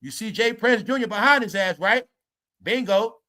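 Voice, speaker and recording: Brash high-voiced man ranting. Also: normal speed, pushed and bright. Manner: brash, mocking, repeats "y'all" and "bro". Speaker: commentary streamer. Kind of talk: ranting commentary.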